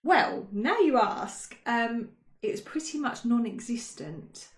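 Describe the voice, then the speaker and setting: A woman with a fairly high, animated voice talks slowly as a podcast co-host on a casual history chat. She's chatty and self-mocking, says "um" a lot, and the recording has a roomy echo.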